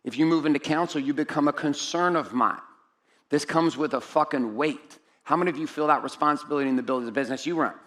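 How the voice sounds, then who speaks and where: A middle-aged man giving a blunt, profane motivational talk on stage to a room of men, swinging from loud outbursts to low, intimate asides. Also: fast talker. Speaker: event speaker.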